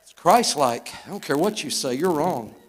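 A man's voice: fairly high pitch, animated, moderate pace. A man in his fifties from Arkansas with a Southern American accent, preaching a live church sermon in a fervent, folksy storytelling manner. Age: 50s. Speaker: guest preacher. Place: church sanctuary.

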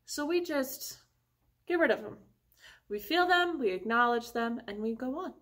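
A woman music teacher leading an online lesson for young children, talking slowly and encouragingly and singing short phrases with an instrument. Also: high-pitched, animated, a bit bright.

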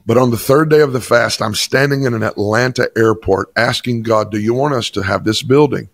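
A man's voice: mid-range voice, a little fast, dry recording. A pastor from Chattanooga, a man, telling an emphatic personal testimony in an interview. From Chattanooga, Tennessee. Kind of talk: interview storytelling.

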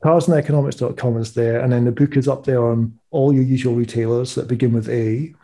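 A man with a Scottish accent, a guest telling stories in a lively, witty way during a casual podcast interview. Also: medium pitch, brisk. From Scotland. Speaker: guest, music economist and author.

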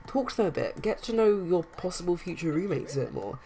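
A woman voicing a bold, protective young woman Sim in a life-simulation game, speaking in a low voice. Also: lively intonation, a little fast, mellow. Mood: coaxing.

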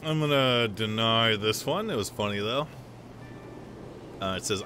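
A man's voice: fairly low pitch, expressive, measured pace, long pauses, bright, forceful tone, soft background music. A man livestreaming in casual chat, joking and swearing, laughing often as he talks.

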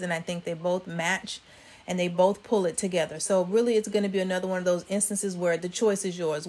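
A woman hosting a fashion vlog, chatting casually with viewers about outfits. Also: medium pitch. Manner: chatty, addresses viewers as y'all. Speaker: fashion vlogger. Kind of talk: casual styling commentary.

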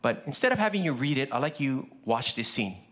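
A man's voice: medium pitch, a little fast. A male pastor who grew up speaking Pidgin, preaching casually and often asking the congregation questions. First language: Hawaiian Pidgin. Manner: lively, conversational, asks the congregation questions. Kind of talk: sermon.

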